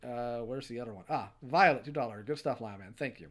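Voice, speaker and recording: A young man hosts a livestream, reading viewers' donation messages one after another. His voice sits in an ordinary middle range, and he answers each message with a quick, dry one-liner. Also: mid-range voice. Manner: reads messages aloud, answers with short dry quips. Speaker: streamer host.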